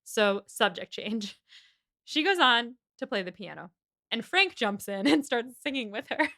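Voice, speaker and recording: A young woman co-hosting a casual book podcast, retelling a novel's chapters with lots of little character voices. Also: fairly high pitch. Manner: animated retelling, acting out characters in quick voices. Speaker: podcast co-host. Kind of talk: casual book-club chat.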